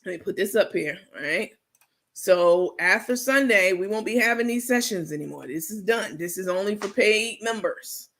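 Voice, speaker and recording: A woman's voice: medium pitch, normal speed, fairly bright tone. A woman hosting a casual late-night livestream, sassy and salty, laughing often and answering viewer comments as she goes. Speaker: livestream host.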